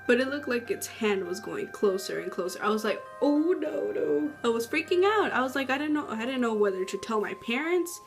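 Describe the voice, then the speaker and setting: A woman telling a story in a casual, slangy, animated way. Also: on the high side, a little fast, few pauses. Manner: chatty, slangy, animated retelling with acted-out quotes. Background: faint background music.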